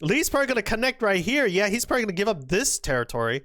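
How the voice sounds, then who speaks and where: A young woman giving excited commentary on a board game, gushing and exclaiming as she acts out the players' imagined thoughts. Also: mid-range voice, racing, few pauses, no room sound, clean studio sound.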